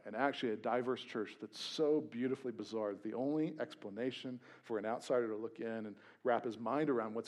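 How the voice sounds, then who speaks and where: Casting: young adult male pastor, chatty animated sermon delivery with jokey asides, mid-pitched voice.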